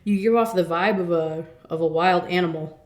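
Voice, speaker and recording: A woman doing a drifting middle-aged man from a novel, easygoing and knowing, an unhurried drawl that dips a little lower than her usual speech. he reads worldly and relaxed. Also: close to an everyday voice. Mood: wry.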